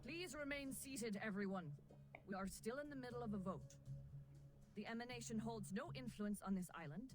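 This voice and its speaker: A woman's voice: fairly high pitch, normal speed, natural voice, rough recording. An actress playing a stern female custodian of an assembly in a game, speaking formally and firmly. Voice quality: firm, formal and commanding. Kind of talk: game voice acting. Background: music.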